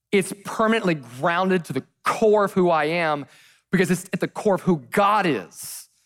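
A pastor delivers a sermon to his congregation. His voice sits high for a man and climbs and falls all over the place. He drops to a hush and then rises loud again. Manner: animated, swinging from loud to hushed. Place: church stage before a congregation.

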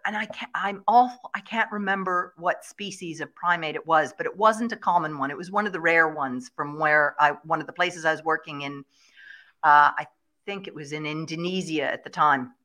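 Bright-voiced woman telling animal stories. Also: lowish voice. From Ireland. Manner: animated anecdotal storytelling. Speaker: guest shepherd and farmer. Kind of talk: storytelling in a video-call interview.

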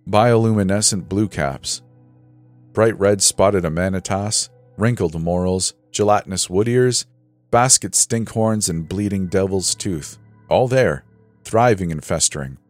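A man reads a scripted horror story in a measured, dramatic way. His voice sits very low, and faint music runs underneath. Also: darkish tone, no echo.

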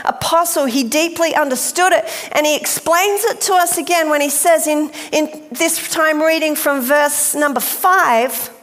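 A woman preaching a sermon, emphatic and deliberate, speaking directly to her listeners. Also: sits high, fairly bright tone. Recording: long hall reverb.

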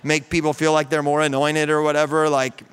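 Male pastor preaching, storytelling sermon, slightly high, smooth resonant voice. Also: a little fast. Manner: storytelling, animated, rising to fervent peaks.

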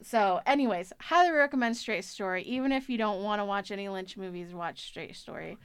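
A woman's voice: medium pitch, a little fast, clear, resonant tone, no echo. Rambling woman, dry close sound. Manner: rambling, lots of likes and restarts. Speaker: film club podcast co-host. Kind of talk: casual film discussion.

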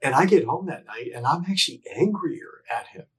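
Husky-voiced middle-aged man telling a personal story. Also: a little high, expressive, a little fast, poor audio. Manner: reflective, earnest, with frequent restarts and self-corrections; shifts between emphatic bursts and soft, hushed phrases. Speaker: podcast guest. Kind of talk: candid conversational storytelling.

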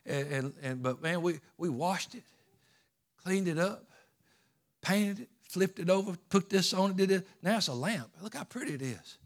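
Folksy preaching pastor, high-pitched man. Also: lively intonation, normal speed. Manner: folksy preaching, rising to fervent calls. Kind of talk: sermon.

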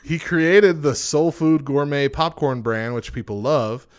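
A man's voice: fairly high pitch, a little slow, clean tone. A young man hosting a casual chat show, reading out odd news items and joking about them. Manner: reads facts aloud then jokes. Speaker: podcast host.

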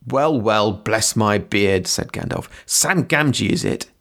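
A man's voice: on the low side, lively intonation, slow pace, a bit bright, heavily acted. A man reading aloud and voicing a grim, commanding old male wizard, curt in his questions. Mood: stern.

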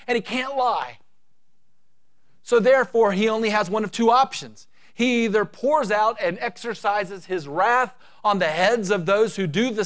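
A middle-aged male pastor preaching a sermon, swinging between loud, drawn-out emphasis and quiet, quick asides. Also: sits high.

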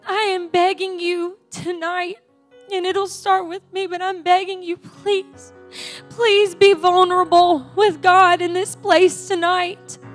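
Very high-voiced pleading woman preacher. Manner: emotional, pleading, tearful at times. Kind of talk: sermon and altar call prayer.

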